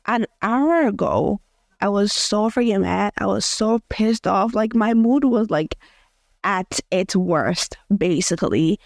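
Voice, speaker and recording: A woman's voice: medium pitch, slow pace, vocal fry, dry recording, clean studio sound. A young woman from Africa hosting a casual audio journal podcast, chatty and rambling with many fillers and restarts. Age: young adult. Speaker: podcast host.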